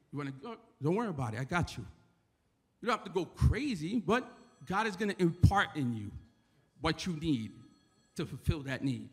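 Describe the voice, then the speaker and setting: A man's voice: on the high side, husky. A man from the Bronx with a New York accent, giving a casual sermon in church and often asking "right?". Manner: conversational, repeats "right?" to the crowd. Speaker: church member giving a talk. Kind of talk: informal sermon. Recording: echoey church hall.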